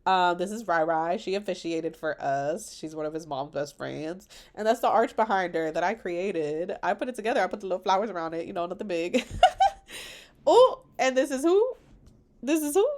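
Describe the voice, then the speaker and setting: A young woman vlogger chatting about her wedding photos, animated and slangy, laughing often, on a computer microphone. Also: lowish voice, normal speed. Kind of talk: casual chat over wedding photos.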